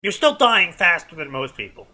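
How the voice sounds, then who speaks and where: A man co-hosting a comedy show, giving a deadpan, dismissive reading of fanfiction with commentary. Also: high-pitched, moderate pace. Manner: deadpan, dismissive, with many "blah, blah".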